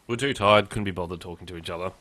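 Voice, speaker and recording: Male podcast co-host, lowish bright voice, dry deadpan storyteller. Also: rapid-fire. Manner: tells anecdotes. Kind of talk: casual chat.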